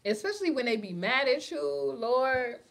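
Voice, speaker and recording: A woman's voice: high-pitched, very animated, moderate pace. A young woman from New York with a New York accent, hosting a casual livestream and chatting with viewers, laughing often and talking in slang. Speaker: livestream host. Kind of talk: casual livestream chat reading comments.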